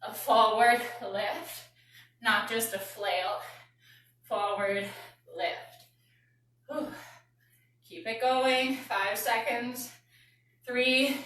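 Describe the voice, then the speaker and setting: A woman's voice: a little high, bright, forceful tone. A woman leading a live workout class, coaching with counts and audible exhales while out of breath. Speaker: fitness and yoga instructor. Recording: very echoey room, distant mic, faint noise.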